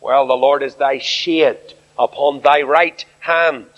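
Irish preacher in an echoing hall. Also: male voice, mid-range voice, steady tone, takes it slowly, fairly bright tone. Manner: emphatic, addresses the congregation directly. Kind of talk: sermon. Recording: dull recording in a reverberant hall.

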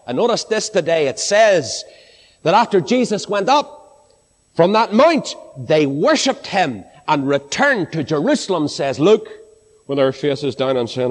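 A man preaching a sermon to a congregation, swinging from high, ringing exclamations down to low, hushed phrases. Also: big pitch swings, unhurried. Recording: long hall reverb.

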